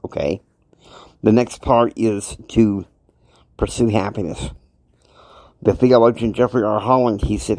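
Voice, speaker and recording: A man's voice: fairly low pitch, steady tone, unhurried, pauses often, darkish tone, dry recording. A man hosting a self-help show, talking casually and motivationally in a rambling way, often checking in with the listener. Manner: rambling, keeps checking in with "okay?".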